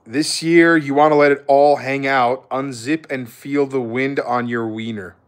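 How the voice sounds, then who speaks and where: A man's voice: medium pitch, fairly even intonation, a little slow. A young man talking loosely to his viewers on a live stream. He is laid-back and swears casually, throwing "bro" into nearly every thought.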